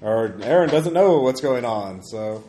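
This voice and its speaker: Male game master, halting narrator, echoey room recording. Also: medium pitch, expressive, mellow. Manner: halting, with many ums and uhs. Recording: echoey room with faint noise.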